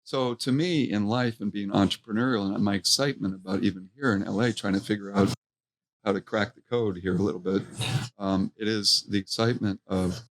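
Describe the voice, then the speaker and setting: A middle-aged man telling stories from his restaurant career in a casual interview, animated and quoting people as he goes. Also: lowish voice, brisk. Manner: animated anecdote-telling, acts out quotes. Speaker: restaurant co-owner, guest.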